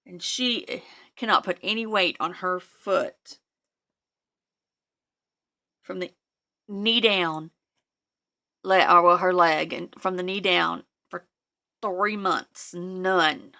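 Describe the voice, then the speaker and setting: A woman's voice: fairly low pitch, slow, gravelly, pauses often, sharp tone. A woman vlogger chatting casually while she works on a craft project. She talks to herself and her materials, sometimes dropping to a near-whisper. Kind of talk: casual crafting tutorial chat.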